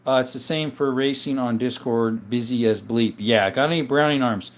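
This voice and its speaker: Relaxed man chatting with his stream viewers. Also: medium pitch, normal speed. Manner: reads viewer comments aloud and answers them; relaxed, with frequent uh and um. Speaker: live-stream host. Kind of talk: casual live-stream chat.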